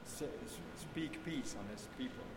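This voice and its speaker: A man teaching a group how to sing chant, explaining in a patient, unhurried way and breaking into short sung phrases. He is recorded in a large echoing hall with a long reverb, and noise is clearly heard behind him. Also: medium pitch. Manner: explains slowly, sings examples of chant. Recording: echoey hall with background noise.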